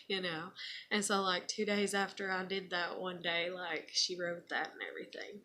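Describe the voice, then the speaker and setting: A woman's voice: on the low side, steady tone, unhurried, bright, forceful tone, slight background noise. A woman talking casually on her own video, frank and rambling, full of "you know" and "like", sometimes swearing. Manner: swears when frustrated. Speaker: mother sharing keepsakes on video. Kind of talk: casual personal vlog.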